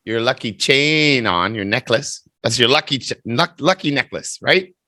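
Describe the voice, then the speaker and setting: A man's voice: medium pitch, expressive, moderate pace, bright, forceful tone, no echo. A man teaching English over a video call, teasing his student in a chatty, playful way before running a speaking test.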